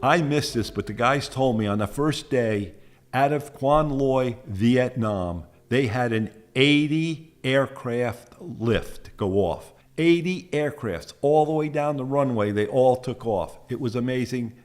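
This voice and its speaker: Older male veteran, 70s, from the States; plainspoken casual storyteller, mid pitch. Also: unhurried. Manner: plainspoken, animated when recounting confrontations. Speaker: Vietnam veteran telling war stories. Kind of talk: casual first-person storytelling.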